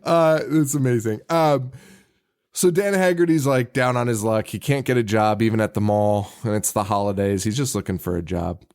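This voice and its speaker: A man's voice: lowish voice, moderate pace, a little mellow. A man co-hosting a podcast in casual chat, laughing often and swearing freely. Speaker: podcast co-host.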